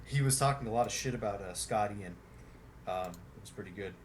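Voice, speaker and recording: A man's voice: fairly low pitch, a little fast, a little hiss or hum. Rambling, profane male podcast host. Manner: rambling, profane, heavy on fillers. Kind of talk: casual podcast chat.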